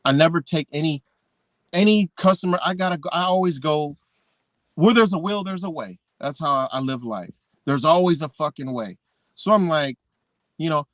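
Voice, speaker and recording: A man's voice: fairly high pitch, moderate pace, no echo. A man hosting a live talk stream, ranting bluntly with heavy swearing and mimicking the people he quotes. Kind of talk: profane ranting monologue.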